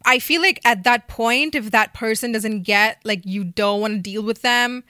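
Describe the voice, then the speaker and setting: A tired young woman hosting a podcast from her bed, chatting in a loose, rambling way full of "like" and swearing. Her voice is bright and sharp. The recording is dry and close. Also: on the high side, moderate pace, no echo. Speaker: podcast host. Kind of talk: casual chat.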